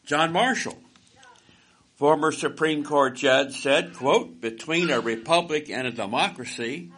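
A man giving political commentary, reading quotations aloud and picking them apart with deliberate, pointed emphasis. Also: a little high, fairly bright tone, slightly rough. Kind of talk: commentary reading and critiquing quotes.

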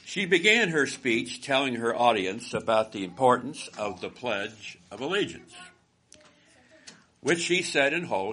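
A man giving political commentary, reading quotations aloud and picking them apart with deliberate, pointed emphasis. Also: on the low side, fairly bright tone, breathy edge. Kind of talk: commentary reading and critiquing quotes.

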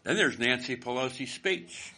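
A man giving political commentary, reading quotations aloud and picking them apart with deliberate, pointed emphasis. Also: mid-range voice, expressive, pushed and bright, breathy edge. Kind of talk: commentary reading and critiquing quotes.

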